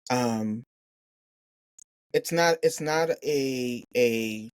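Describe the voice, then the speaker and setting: A woman's voice: a bass voice, very slow, darkish tone, no echo, studio quality. A woman from New York, a physician hosting a podcast, chatting in an affirming, reflective way with her guest. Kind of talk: casual interview chat.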